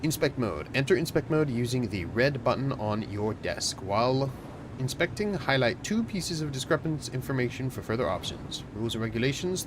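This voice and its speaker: Male let's-player, mid-pitched, joking running commentary, noisy recording. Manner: jokey, reads game text aloud, bursts into shouting. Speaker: gamer playing a border-inspector game. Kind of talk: casual let's-play commentary.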